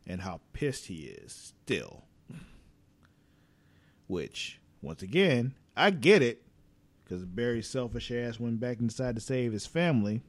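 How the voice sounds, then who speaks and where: In a medium-pitched, unhurried voice, a man casually discusses a TV episode, cursing without restraint and animatedly acting out what the characters said.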